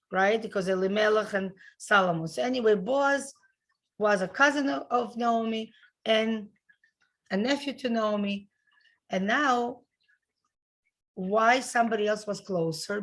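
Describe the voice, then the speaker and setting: A woman's voice: mid-range voice, fairly bright tone, poor audio. A middle-aged woman, a rebbetzin, gives an informal religious lesson to a women's class over a video call. She explains things step by step, often restarting her sentences and adding "you know".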